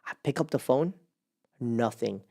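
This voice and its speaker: A young man hosting a casual chat, telling a personal story in a rambling way, with lots of "like" and sudden jumps up in pitch as he relives his panic. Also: expressive, a little slow, creaky, warm tone. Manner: rambling with many restarts and "like". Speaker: host.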